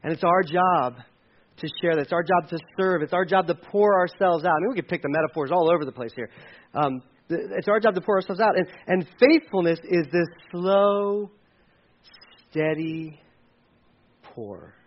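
A man preaching a sermon as pastor, swinging from loud, high emphasis to quiet, low asides and acting out the voices of churchgoers. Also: moderate pace, dull audio. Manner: acts out quoted voices of churchgoers.

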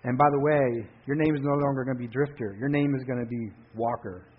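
A husky-voiced man preaching, putting on a calm, wise guide who speaks in a lowered, commanding voice. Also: fairly quick, natural voice. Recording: dull lo-fi recording.

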